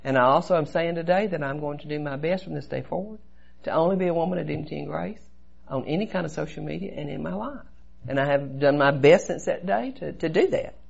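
A woman's voice: sits low, quick pace, gravelly, darkish tone, husky. A woman giving an earnest personal testimony at a recovery meeting, telling her story with lots of repetition. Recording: dull lo-fi recording.

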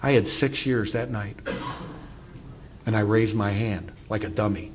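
A man's voice: on the low side, measured pace, highs cut off, heavy background noise. A middle-aged man telling his recovery story to an audience, candid and wry as he speaks.

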